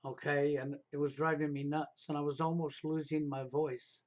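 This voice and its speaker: Emphatic high-voiced male stream host. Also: little pitch movement, normal speed, a little mellow, dull audio. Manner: emphatic, repeats "okay?" to drive points home. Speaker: livestream host. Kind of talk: casual advice talk on a live stream.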